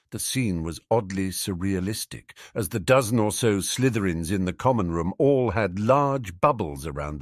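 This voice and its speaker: A man narrating a fan fiction audiobook with an expressive reading. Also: lowish voice, no room sound, studio quality.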